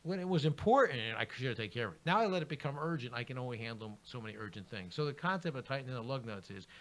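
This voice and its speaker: Animated storytelling middle-aged man. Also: medium pitch, fast. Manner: animated, acts out quoted dialogue. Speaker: author and guest. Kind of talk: interview storytelling.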